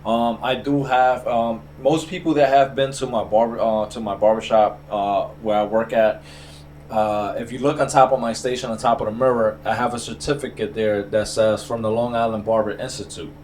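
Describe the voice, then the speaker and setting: New barber telling a long story. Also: male voice, mid-range voice, flat delivery, normal speed, a little mellow, a little hiss or hum. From the Bronx, New York. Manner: rambling, frustrated, fillers and restarts. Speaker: barber, stream host. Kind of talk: casual storytelling chat.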